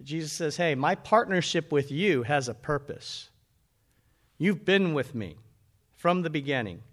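A man preaching a sermon as pastor, animated and calling out to his congregation. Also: a little high, a little slow.

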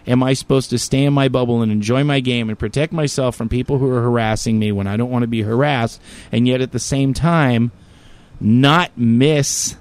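A man's voice: medium pitch, fairly even intonation, moderate pace, clean tone. A man telling a story in casual chat, rambling and full of fillers and swearing, with heated, raised bursts when he quotes himself.

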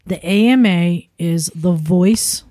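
A woman hosting a casual panel chat, steering the talk briskly. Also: fairly low pitch, warm tone, no room sound, clean studio sound. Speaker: podcast host.

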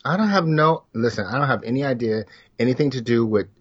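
A man's voice: mid-range voice, animated, quick pace, husky, dry recording, highs cut off. A man co-hosting a comedy podcast remotely, talking in a blunt, dry, offhand way. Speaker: podcast co-host. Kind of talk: casual comedic chat.

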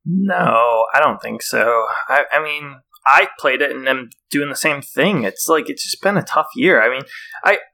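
A man's voice: medium pitch, lively intonation, unhurried, vocal fry, pushed and bright. A man co-hosting a podcast, chatting in an easygoing, self-deprecating way. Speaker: podcast co-host. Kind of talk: casual chat about fantasy football.

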